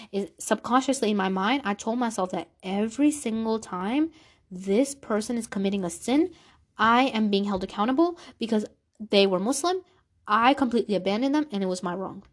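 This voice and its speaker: A woman vlogger sharing an emotional personal faith story, earnest, repeating phrases for emphasis. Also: medium pitch. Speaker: Islamic vlogger.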